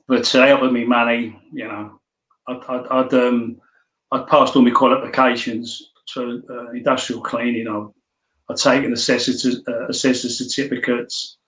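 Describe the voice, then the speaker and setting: A man's voice: medium pitch, level tone, moderate pace, fairly bright tone. A man, a podcast guest, telling blunt, swearing anecdotes in casual storytelling. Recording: roomy echo.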